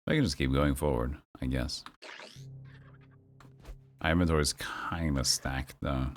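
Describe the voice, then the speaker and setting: A man streaming a video game, muttering his thoughts aloud in a relaxed way. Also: very deep voice, a little slow, soft background music.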